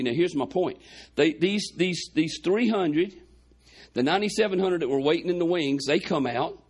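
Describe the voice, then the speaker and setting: A man's voice: on the high side, slightly rough. A man preaching a sermon, retelling a Bible story in a folksy way with quoted dialogue, his chest congested.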